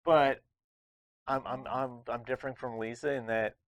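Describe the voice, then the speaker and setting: A man's voice: mid-range voice, steady tone, normal speed, dry recording. A man hosting a casual board game review, talking in a chatty, rambling way with lots of restarts. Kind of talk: casual chat.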